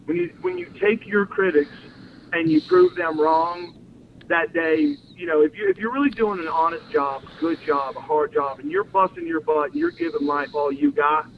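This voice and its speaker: Male interview guest, lively storyteller, higher pitch, phone-line audio. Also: normal speed, gravelly, slight background noise. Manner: animated storyteller, acts out quotes, laughs often. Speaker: interview guest, former wrestler.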